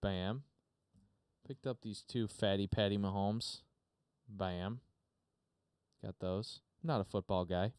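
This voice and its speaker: A man's voice: fairly low pitch, slow, long pauses, a little mellow, clean tone, no echo. A man hosting a podcast, chatting unscripted on a live stream from his home studio, rambling with lots of fillers and casual swearing. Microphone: desk mic through a mixer.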